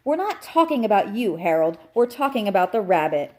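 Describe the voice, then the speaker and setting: A woman's voice: mid-range voice, sing-song, fairly quick, darkish tone, close to an everyday voice. A woman voicing a smug, know-it-all male house cat who lectures in a cool, condescending way. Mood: lecturing. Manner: coolly explaining, condescending.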